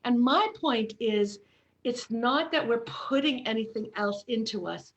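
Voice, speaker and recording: A woman's voice: a little high, lively intonation, unhurried, dull audio. A middle-aged woman voice coach who talks casually and expressively, demonstrating sounds and encouraging the listeners. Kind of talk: casual chat with vocal demos.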